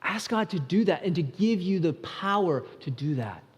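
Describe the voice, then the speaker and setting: A man's voice: high-pitched, expressive, moderate pace, breathy edge, dull audio. A male pastor preaching a sermon in an earnest, conversational way, often restarting his sentences. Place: church sanctuary. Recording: church hall with long reverb.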